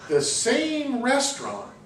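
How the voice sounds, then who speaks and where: Man, university lecturer, animated storyteller, says "you know" a lot, distant mic, echoey classroom. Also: very high voice, slow pace. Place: lecture room. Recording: roomy classroom, distant mic, faint hum.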